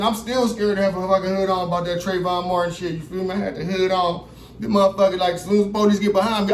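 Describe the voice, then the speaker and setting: A young man casually telling a long, profane story straight to his viewers. He keeps checking in with them and acts out other people's lines as he goes. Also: high voice. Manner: profane, animated, keeps asking "you feel me". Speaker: vlogger. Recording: roomy echo with faint background noise.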